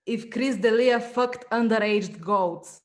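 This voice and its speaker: Deadpan woman firing back put-downs. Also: on the high side, slow. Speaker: comedian in a roast battle. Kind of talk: live online roast comebacks.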